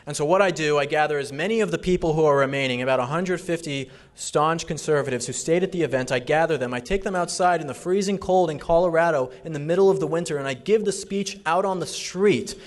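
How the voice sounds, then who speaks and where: A man delivering an emphatic fundraiser speech. His voice sits a little high, and he repeats his points for force. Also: fast talker, hardly any pauses. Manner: emphatic, repetitive. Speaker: political speaker.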